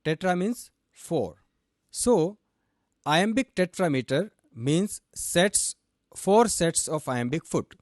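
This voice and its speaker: Indian male teacher, young adult, lively pitch, dry close sound, explains step by step. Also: slow, dry recording. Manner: explains step by step, asks and answers own questions; switches between English and Hindi. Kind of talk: explanatory lesson.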